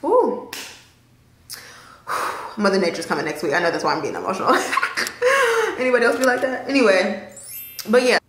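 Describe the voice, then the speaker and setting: A woman's voice: medium pitch, very animated, a little fast, long pauses, roomy sound, a little hiss or hum. Chatty, emotional young woman vlogger. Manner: candid, emotional, chatty with laughs. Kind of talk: casual talk to camera.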